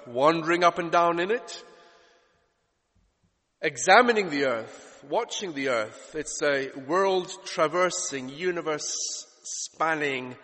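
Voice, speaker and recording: A man's voice: on the high side, fairly bright tone, long reverb tail. A man preaching a sermon in an expository style, asking rhetorical questions and piling up repeated phrases for emphasis.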